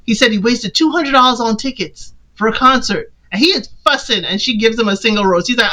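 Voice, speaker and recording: A woman casually recapping a film for a podcast, animated and playful, often quoting the characters in put-on voices. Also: a little high, moderate pace, low-quality recording.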